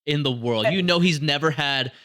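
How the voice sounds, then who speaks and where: A young man co-hosting a casual reaction podcast, excitable and mocking. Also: on the high side, normal speed. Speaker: podcast co-host.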